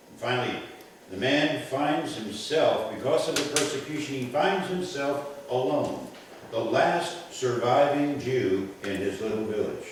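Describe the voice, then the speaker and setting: A man's voice: medium pitch, expressive, slight background noise. Man preaching in an echoey church. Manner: measured, emphatic preaching with rhetorical questions. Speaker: pastor. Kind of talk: sermon. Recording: echoey church from a distant mic.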